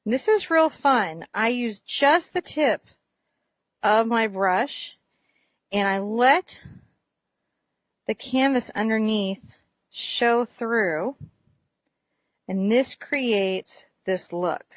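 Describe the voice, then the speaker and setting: A woman teaching a painting lesson step by step, gentle and encouraging as she talks through each brushstroke while she paints. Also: a little high, drawn-out words, pauses often, no room sound. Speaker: art teacher.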